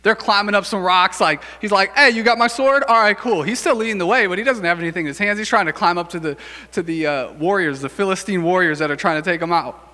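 A male pastor giving a casual, animated sermon and acting out quick voices for the people in the story. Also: high-pitched. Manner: animated, acts out quick voices for biblical figures. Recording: long hall reverb.

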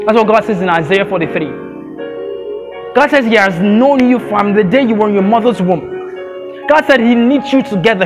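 A high-voiced man preaching in a church as music plays behind him. He prays slowly and softly, then builds to fervent, ringing declarations as he leads an altar call. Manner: slow prayerful, then rising fervent declarations. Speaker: pastor.

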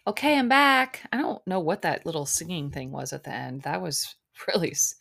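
Middle-aged woman, low voice, rambly podcast chat, kinda sleepy. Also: expressive, moderate pace, creaky, very noisy. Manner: chatty, rambling, with many fillers. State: sleepy, yawning. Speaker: podcast host recapping a reality show. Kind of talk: casual solo chat.

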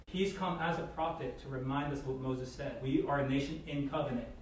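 A man's voice: mid-range voice, fairly quick. A man giving a casual Bible teaching, talking conversationally with many "like" and "right?" asides. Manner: acts out voices in quotes. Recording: very echoey room, distant mic, faint noise.

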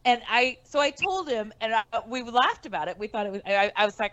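A woman comedian telling a story on a casual podcast. She is animated and profane, and she acts out the quotes in her story. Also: on the high side, a little fast, hardly any pauses, no echo, highs cut off. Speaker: comedian guest.

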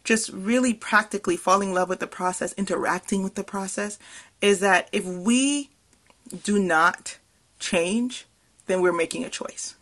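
A woman hosts her own podcast, thinking out loud in a passionate, earnest way. She circles back on herself often, with fillers and small laughs, and her pitch sits in the middle of the usual range. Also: normal speed. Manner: passionate, emphatic delivery. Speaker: podcast host. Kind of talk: reflective solo podcast talk.

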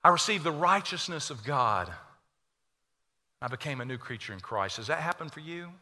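A man preaching a sermon as a pastor, impassioned, swinging between loud declarations and hushed prayer. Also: fairly high pitch, very animated, normal speed, big-room sound. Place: church sanctuary.

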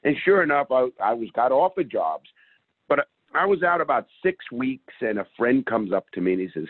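A man's voice: medium pitch, sing-song, normal speed, no room sound. A middle-aged man guest telling a story in an interview in a blunt, streetwise way. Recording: phone-like call audio.

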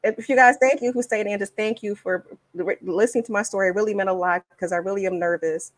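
A woman guest co-host in a casual podcast chat, speaking warmly and from the heart. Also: mid-range voice, fast.

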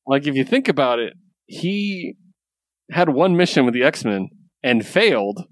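A man's voice: mid-range voice, lively intonation, measured pace, no room sound, studio quality. A man co-hosting a comic review podcast, chatting casually and enthusiastically, laughing often and acting out characters' lines. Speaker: podcast co-host.

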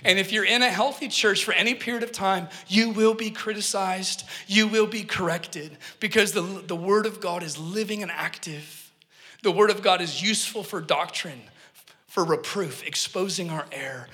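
Bright, high-voiced man preaching in an echoey hall. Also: normal speed. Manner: earnest, emphatic, joking asides to the congregation. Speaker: pastor. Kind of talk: sermon with personal storytelling.

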